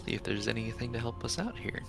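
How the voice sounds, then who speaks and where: A man playing a tabletop game, offering ideas in a relaxed way. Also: medium pitch, fast talker, vocal fry, music in the background. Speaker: player. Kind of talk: casual tabletop play.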